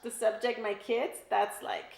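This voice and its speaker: A woman's voice: fairly high pitch, flat delivery, measured pace, vocal fry. A middle-aged woman with an El Paso Texas accent, a guest talking casually and emotionally, laughing often. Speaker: guest, realtor. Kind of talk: casual interview chat. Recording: echoey room.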